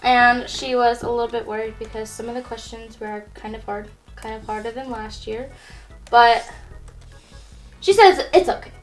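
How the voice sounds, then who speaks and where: A woman's voice: on the high side, moderate pace, faint music behind, low-quality recording. A woman narrating her turn of a story while drawing, easygoing and chuckling at her own slips. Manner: easygoing, chuckling, self-correcting. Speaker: co-host continuing a drawn story.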